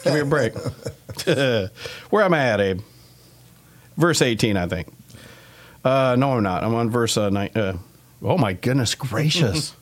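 A man's voice: mid-range voice, animated, measured pace, long pauses. A man hosting a casual Bible study podcast, chatty and teasing his co-hosts.

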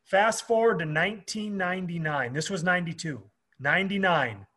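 Husky man telling profane stories. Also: high-pitched, normal speed. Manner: profane, animated, acts out the people in his stories. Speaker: guest, former pro wrestler. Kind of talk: casual storytelling interview.

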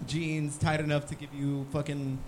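Laughing high-voiced man telling a story. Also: completely flat delivery, normal speed, darkish tone, a little hiss or hum. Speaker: podcast co-host. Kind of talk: casual chat. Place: sports bar.

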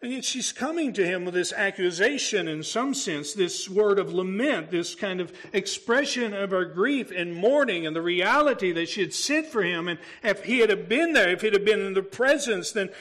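A man's voice: high-pitched, animated, moderate pace, hardly any pauses, a bit bright. A male pastor preaching a sermon, talking through the story in a conversational way and asking his congregation rhetorical questions.

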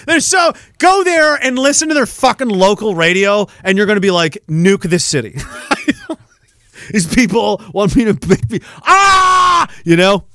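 A man with a high voice rants alone on his show, cursing freely and laughing at himself. He jumps from shouted outbursts down to low mutters. The sound is dry and close, with no echo. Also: very animated, unhurried. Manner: profane, laughing, swings between shouting and low mumbling. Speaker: podcast host. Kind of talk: ranting solo monologue.

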